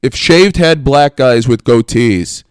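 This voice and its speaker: A man co-hosting a comedy podcast, trading fast jokes and laughing often. His voice is smooth and clear, and it sits close and dry on the mic. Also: mid-range voice, dry recording. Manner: jokey, quick riffing, laughs often. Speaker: podcast co-host. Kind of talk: casual comedy podcast banter.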